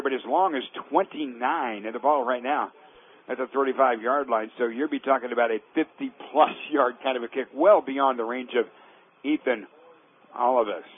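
A husky, mid-range male voice calls live college football play-by-play from the press box, heard over a tinny phone-line radio broadcast. When a big play breaks, this announcer rises sharply and slows, stretching his words out.

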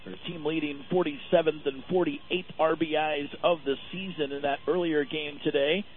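A man calling a softball game as a radio play-by-play announcer from behind home plate, steady and informative, loud and high on big plays. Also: normal speed. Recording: phone-like lo-fi radio feed with faint noise.

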